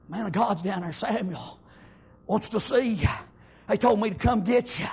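A man preaching a sermon, telling the story in folksy speech, breaking into shouted bursts and scattering amens through his lines. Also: high voice, expressive, moderate pace, gravelly, husky.

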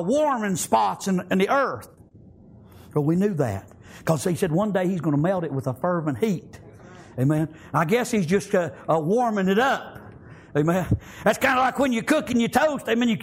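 A middle-aged man preaching a sermon, shouting in bursts, with folksy grammar and frequent amens. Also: very high voice, vocal fry.

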